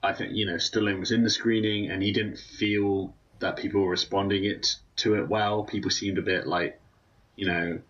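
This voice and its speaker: A man with a very deep, husky voice talks in a relaxed, hesitant way, with plenty of fillers. The recording sounds dull and lo-fi. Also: normal speed. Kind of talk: casual film chat.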